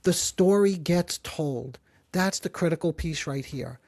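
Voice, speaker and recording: A man hosting a psychology podcast, who explains calmly and gently and slows down to stress key phrases. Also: fairly high pitch, no echo. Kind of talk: calm explanatory talk.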